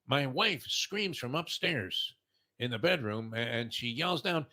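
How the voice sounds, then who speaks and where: Sixties male host, bright tense tone, meandering anecdotal delivery. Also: medium pitch, animated, measured pace. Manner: rambling storyteller, heavy "uh" fillers. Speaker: morning show host. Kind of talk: casual sports talk.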